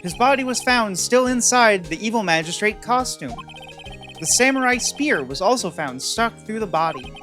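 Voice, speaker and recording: A woman voicing a formal TV news anchor, reading in a measured, even newsreader delivery. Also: medium pitch, soft background music, lightly acted.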